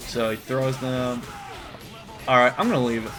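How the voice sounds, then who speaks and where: A man's voice: mid-range voice, fairly even intonation, moderate pace, long pauses, fairly bright tone, soft background music. A man doing comedic commentary while reading a comic aloud, crude, profane and exasperated. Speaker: YouTuber.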